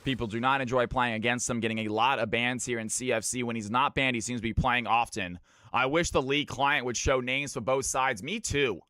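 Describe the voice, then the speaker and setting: A man's voice: mid-range voice, fairly even intonation, a little fast, sharp tone, clear, resonant tone, dry recording, clean studio sound. A man from California hosting a live game stream, commentating picks and greeting viewers by name in an upbeat way. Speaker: streamer casting viewer games.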